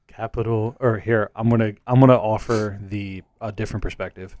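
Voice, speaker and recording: A man's voice: fairly low pitch, fairly even intonation, fairly quick, darkish tone. A man in casual conversation who jokes, laughs often and uses lots of fillers. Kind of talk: casual chat.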